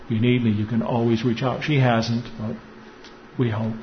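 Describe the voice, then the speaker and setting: A man's voice: medium pitch, level tone, normal speed, dull audio, slight background noise. A man preaching as a priest, telling a personal story in a chatty way and chuckling often before turning to a reflective point.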